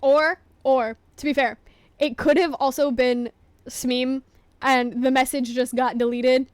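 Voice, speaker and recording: A young woman with a high voice talks casually on a livestream. She sounds flustered and apologetic, dropping to hushed whispers and then rising to loud outbursts. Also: steady tone, measured pace, dry recording.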